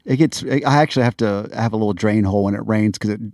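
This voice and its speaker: A man's voice: lowish voice, fast, darkish tone, no room sound, studio quality. A man in his late thirties co-hosting a casual podcast, rambling with self-deprecating humor. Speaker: podcast co-host. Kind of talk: casual chat.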